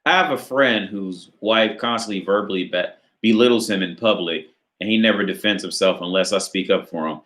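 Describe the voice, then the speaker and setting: A man's voice: fairly low pitch, brisk, fairly bright tone, reverberant. A man hosting a casual live Q&A on dating, reading out viewer questions and answering in a rambling, profane way full of filler words. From United States. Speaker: dating advice channel host.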